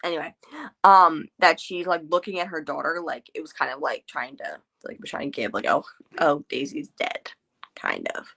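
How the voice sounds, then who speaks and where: A woman's voice: low-pitched, big pitch swings, brisk, creaky, sharp tone. A woman hosting a casual book club chat at home, talking loosely with lots of fillers and restarts. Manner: chatty, many filler words and restarts.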